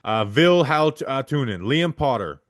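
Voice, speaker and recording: A man hosting a podcast, reading supporter names aloud in quick succession and stumbling over the hard ones. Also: mid-range voice, animated, no echo, clean studio sound. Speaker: podcast host.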